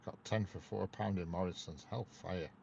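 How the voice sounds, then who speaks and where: A man's voice: low-pitched, steady tone, moderate pace, creaky, a little mellow, slight background noise. A man hosting a casual livestream, joking and greeting viewers by name. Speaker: livestream host. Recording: dull lo-fi sound, faint ambience.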